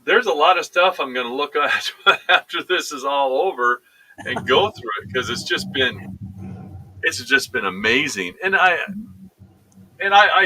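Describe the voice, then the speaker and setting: A man hosting a live talk show, chatting in a rambling, excitable way. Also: medium pitch, low-quality recording. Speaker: host. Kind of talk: casual live-show chat.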